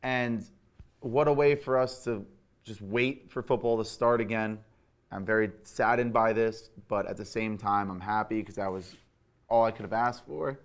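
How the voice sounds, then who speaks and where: A young adult man hosting a sports show, giving an animated, opinionated recap with hot takes. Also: fairly low pitch, normal speed.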